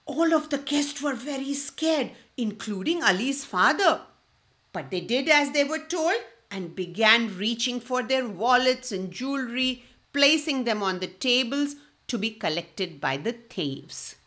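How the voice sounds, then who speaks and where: Woman storyteller for kids, slow and animated, bright tone. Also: a little high. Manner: expressive, asks the children questions. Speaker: storyteller for children. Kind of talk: children's story reading.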